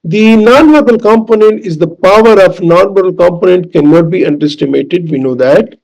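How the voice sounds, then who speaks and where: Man, Pakistani English accent, high-pitched, gravelly, slow lecture delivery. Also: darkish tone, rough recording. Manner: slow, deliberate, repeats key points with fillers. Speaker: professor lecturing. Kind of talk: recorded lecture.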